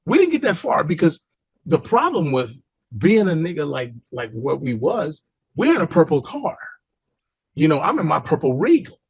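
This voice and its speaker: A man with a gravelly, husky voice on the high side tells a story at a moderate pace, relaxed and casual, full of loose street talk and cursing, with asides that keep coming back. The sound is close and dry, with no room sound at all.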